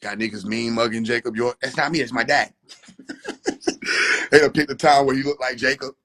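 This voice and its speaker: A man's voice: medium pitch, steady tone, a little fast, fairly bright tone. A young man giving casual reaction commentary, joking, swearing freely and laughing often. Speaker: commentary creator.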